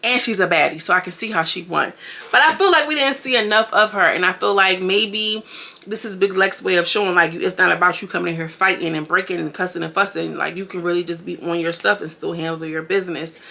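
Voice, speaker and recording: A woman giving a chatty, animated recap of a reality show and talking straight to her viewers. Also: fairly low pitch, brisk, creaky. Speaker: reality TV commentator. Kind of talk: casual recap commentary.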